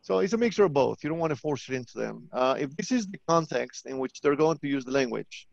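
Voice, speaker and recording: A man from New York with a Colombian-tinged accent, presenting a live teaching webinar in a lively, playful way. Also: mid-range voice, quick pace, creaky, hardly any pauses, no room sound, muffled recording. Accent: Colombian-tinged New York English. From New York, of Colombian roots. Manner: lively, playful, acts out little dialogues.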